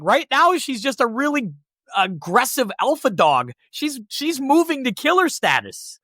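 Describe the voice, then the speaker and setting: A man hosting a podcast, chatting casually and telling stories with lively swearing. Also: extremely high pitch, a little slow, no echo, clean studio sound. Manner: animated storytelling with profanity. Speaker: podcast host. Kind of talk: casual chat.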